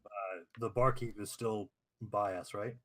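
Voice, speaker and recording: Low-voiced man playing a tabletop game. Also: steady tone, unhurried, a bit bright. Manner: hesitant, starts lines with uh. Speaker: player.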